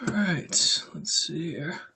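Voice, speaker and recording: A man's voice: on the high side, slow pace, vocal fry, pushed and bright, husky. A young man hosting a casual livestream, greeting viewers by name and joking around. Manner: chatty, greets viewers, jokey. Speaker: livestream host.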